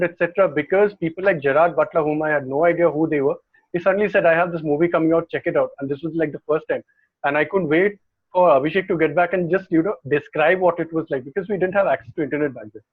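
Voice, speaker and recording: A man's voice: a little high, fast talker. A man co-hosting a film podcast, chatting casually and rambling through his thoughts. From India. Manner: rambling, restarts mid-thought. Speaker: podcast co-host. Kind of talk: casual chat about films and TV. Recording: tinny phone-like call line.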